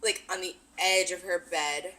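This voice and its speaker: A woman in her twenties, co-hosting a casual chat, adding quick, expressive remarks to a shared story. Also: lowish voice. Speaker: podcast co-host.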